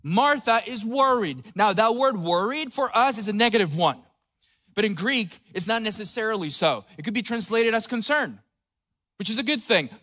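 A man pastor giving a conversational sermon, dropping soft and low for tender quotes. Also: lively intonation, normal speed.

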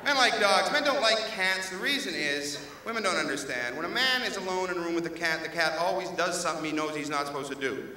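High-voiced male stand-up comic, echoey. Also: expressive, fast talker, background noise. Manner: acts out pets' voices, shifts pitch wildly. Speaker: stand-up comedian. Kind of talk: live stand-up routine. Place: comedy club stage. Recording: distant, echoey live club recording with loud crowd.

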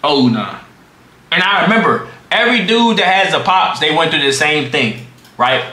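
A young man streaming live, telling a story in an animated, profane way full of slang. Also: a little high, moderate pace, reverberant. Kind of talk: livestream storytime.

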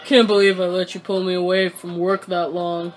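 A laid-back skeleton man who jokes and drawls in a low, unhurried voice, as a woman puts him on. He sounds lazy and amused, never in a rush. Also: level tone, natural voice, low-quality recording. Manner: slow, low, drawling read. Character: lazy joking male skeleton.

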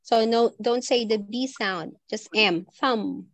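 A woman teaching English online, slowly modelling sounds and words for her class to repeat. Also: fairly high pitch, no echo, poor audio. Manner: slow, clearly modelling each sound and word for repetition. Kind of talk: online pronunciation drill.

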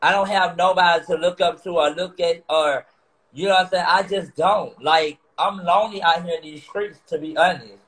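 A man's voice: sits high, steady tone, normal speed, a bit bright, low-quality recording. A man ranting to his viewers, upset and swearing, repeating himself. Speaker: vlogger on a live stream. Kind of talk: emotional rant to viewers.

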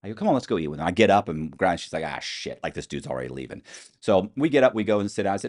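A man with a fairly low voice tells a story in a casual interview, his pitch leaping around as he acts out the people in it. He is blunt and swears freely. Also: very fast. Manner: animated storyteller acting out quoted voices. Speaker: interview guest.

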